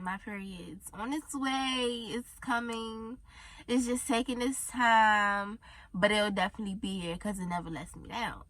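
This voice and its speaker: A woman's voice: a little high, a little slow, fairly bright tone, no echo. A pregnant teenage girl telling a casual story-time vlog from inside a car, chatty and rambling, a little tired and down. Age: teens. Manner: chatty, rambling, says y'all often. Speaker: vlogger.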